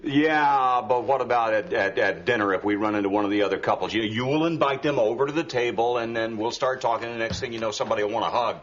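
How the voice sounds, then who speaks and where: A man's voice: medium pitch, fast, few pauses, lightly acted. An actor playing a strict, dry-humored middle-aged Marine major and father, speaking in clipped, sardonic lines in an old TV sitcom. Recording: dull old TV sitcom audio with hiss.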